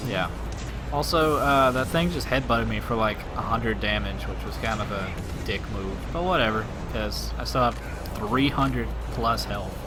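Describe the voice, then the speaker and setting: A man's voice: fairly low pitch, normal speed, music in the background. A man casually commentating a video game with a friend, offhand and crude in his jokes. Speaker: let's play commentator.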